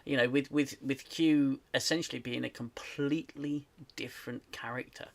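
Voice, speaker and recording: A man from the UK hosting a casual live stream chat, animated and ranting, with lots of restarts. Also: medium pitch, normal speed, gravelly. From United Kingdom. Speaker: host.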